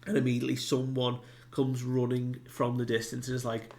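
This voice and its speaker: A man's voice: mid-range voice, completely flat delivery, brisk, a little mellow. A man giving a casual recap of a comic chapter, retelling it loosely with many fillers and asides. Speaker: manga reviewer.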